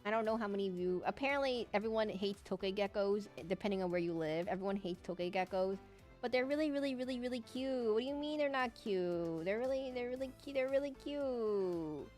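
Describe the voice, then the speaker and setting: A woman's voice: medium pitch, brisk, darkish tone, faint music behind. A young woman streaming while she draws, chatting casually in a rambling, giggly way that hops between tangents. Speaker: streamer drawing live. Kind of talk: casual chat while drawing.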